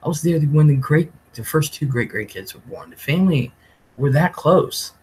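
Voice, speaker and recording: A man's voice: a little high, normal speed, a little mellow, slight background noise, low-quality recording. A man hosting a live stream, telling a rambling story casually, often laughing and swearing. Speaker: livestream host.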